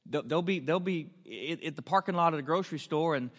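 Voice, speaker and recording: A man's voice: a little high, fast talker, a bit bright. Man preaching in a reverberant hall. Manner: earnest, builds to emphatic questions. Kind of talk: storytelling sermon.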